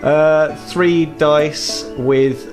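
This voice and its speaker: Give me a relaxed game master narrating a scene over background music. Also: male voice, a little high, very slow.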